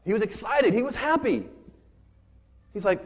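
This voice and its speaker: Chatty husky-voiced male preacher. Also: a little high, wildly swooping pitch, normal speed, pauses often. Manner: casual, chatty, keeps asking "right?". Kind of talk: conversational sermon storytelling.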